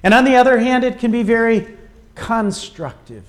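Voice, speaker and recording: A man delivers a sermon slowly and emphatically, with a dramatic flair. For weight, he frequently drops into a quiet, low delivery.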